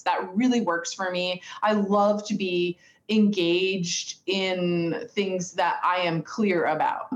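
A woman talking in a quick, playful, enthusiastic way in a casual conversation over a video call. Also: mid-range voice, reverberant.

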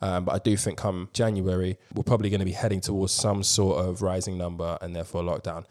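A man hosting a casual podcast chat, animated and slangy, swearing freely. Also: sits low, quick pace. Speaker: podcast host.

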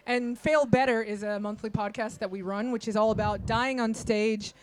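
A man's voice: high-pitched, steady tone, normal speed, clear, resonant tone, no echo. Casual, chatty male co-host. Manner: casual, chatty, explains the show. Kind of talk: live show hosting.

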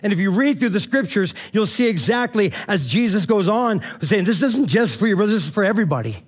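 A man's voice: sits high, animated, brisk, slightly rough. A man, a pastor, preaching a casual sermon and retelling scripture in loose, slangy, chatty language with many restarts.

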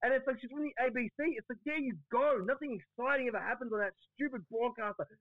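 A man's voice: extremely high pitch, quick pace, no room sound, phone-quality sound. A young Australian man hosting a podcast, chatting casually in a crude, mocking, ranting way. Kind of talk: casual sweary podcast chat.

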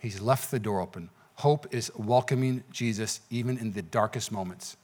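A man's voice: fairly low pitch, normal speed, darkish tone. A man preaching a sermon as pastor in a church, talking conversationally with frequent "okay?" asides. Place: church sanctuary.

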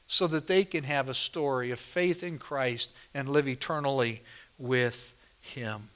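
Bright, clear-voiced male preacher. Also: mid-range voice, a little slow. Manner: emphatic preaching with repeated phrases. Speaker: pastor. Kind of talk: sermon. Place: church service.

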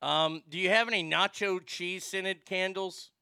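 A man's voice: high voice, fairly even intonation, a little slow, vocal fry, pushed and bright, clean tone, no echo, clean studio sound. A man hosting a talk show, pranking a call center and joking about it afterward with stammering restarts. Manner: jokey, giggly, stammering restarts. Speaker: show host making prank calls.

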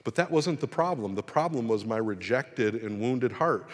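A man preaching a sermon and telling a personal story, self-deprecating and getting animated when he retells it. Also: on the low side, normal speed. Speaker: pastor. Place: church hall. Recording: long hall reverb.

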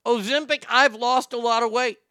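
A man's voice: very high voice, fairly even intonation, normal speed, sharp tone, clear, resonant tone, no room sound, clean studio sound. A man hosting a show, giving a profane, combative and sarcastic rant about celebrities. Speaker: host. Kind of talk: ranting celebrity commentary.

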